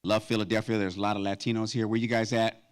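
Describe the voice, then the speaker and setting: A man in his fifties performing a stand-up comedy routine at a gala, animated and breaking into high falsetto song snippets. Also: quick pace, clear, resonant tone. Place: event stage before a live audience.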